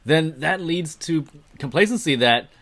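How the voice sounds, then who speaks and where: A man's voice: fairly high pitch, expressive, measured pace, a bit bright. A man co-hosting a casual podcast who listens closely, agrees often, and then explains his own view. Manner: attentive listener, frequent agreeing backchannels. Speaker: podcast co-host.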